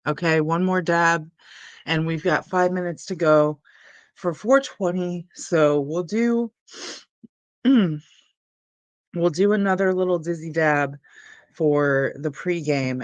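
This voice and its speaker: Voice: mid-range voice, slow, no echo, dull audio. A young adult hosting a casual livestream, chatting in a laid-back, rambling way. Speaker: cannabis livestream host.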